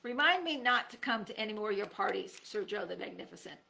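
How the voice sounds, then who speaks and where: Squeaky sarcastic kid, jumpy and mocking, a lady reading it out, bright voice with some gravel. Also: normal speed. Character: sarcastic, excitable young boy.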